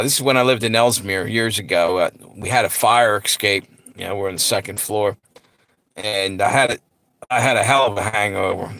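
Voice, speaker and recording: A middle-aged man with a bright, forceful, medium-pitched voice, recorded without room sound, hosts a livestream. Laid-back, he chats casually with viewers and tells stories, laughing often and swearing freely.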